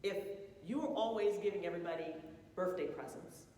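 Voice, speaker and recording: A woman's voice: on the low side, fairly quick, dark tone, a little hiss or hum. A woman telling a personal story to a group in a candid, reflective way, often laughing. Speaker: co-presenter of a couples session. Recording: echoey hall picked up from a distance.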